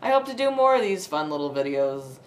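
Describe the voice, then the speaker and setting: A woman's voice: sits low, big pitch swings, fairly quick. A young woman ranting about a film she watched, sarcastic and foul-mouthed, with frequent laughter. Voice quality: sarcastic, profane, laughs often. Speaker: video creator reviewing a film. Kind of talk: casual ranting film review. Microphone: home setup with a desk light. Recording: echoey room.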